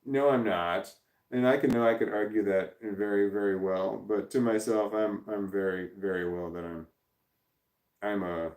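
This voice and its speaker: His voice is lowish and a little mellow, steady at a normal pace. A forties-aged livestreamer, he goes through viewer comments with plenty of profanity, tangents and self-interruptions, recorded on a camera in front of him with roomy echo.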